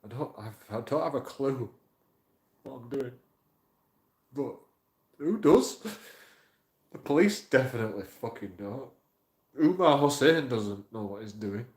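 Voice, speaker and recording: A man's voice: mid-range voice, lively intonation, a little slow, pauses often, a little mellow. A man talks in a rambling, emotional monologue for his channel, swearing and repeating himself. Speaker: YouTube auditor vlogger. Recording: roomy echo.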